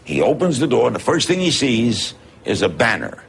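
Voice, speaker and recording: A man's voice: mid-range voice, moderate pace, vocal fry, slight background noise. An older man with a New York accent telling a comic anecdote, laughing as he goes. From New York City. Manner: animated storytelling, laughing often. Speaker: storyteller. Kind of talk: comic anecdote, archive clip.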